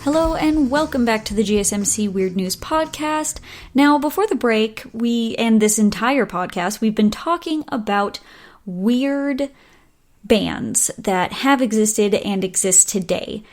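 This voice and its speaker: A woman's voice: on the high side, expressive, unhurried, soft background music. A woman hosting a podcast alone in casual chat, laughing often and talking with plenty of ums and likes. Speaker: podcast host.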